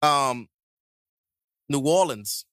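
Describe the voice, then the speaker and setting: A man co-hosting a casual podcast, joking crudely and bantering with big animated swings. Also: mid-range voice, drawn-out words, no echo, studio quality. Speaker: podcast co-host.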